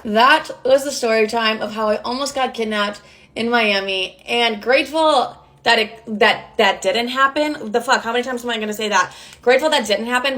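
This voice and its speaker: A woman's voice: on the high side, a bit bright. A young woman telling a story in a casual, breathless way, full of "like" and swearing. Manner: fast, breathless, heavy on "like" and swearing.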